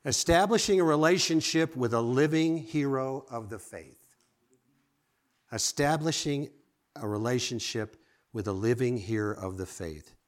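A man preaching a sermon, lively and conversational, swinging from emphatic exclamations to quiet asides and asking the congregation direct questions. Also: medium pitch, a little slow. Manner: asks the audience direct questions.

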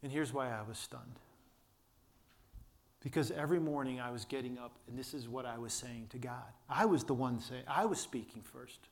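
Older male pastor, storytelling sermon, can't raise his voice, many restarts. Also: moderate pace. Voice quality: limited vocal power from vocal cord damage. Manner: storytelling, earnest, with many restarts and quiet low asides.

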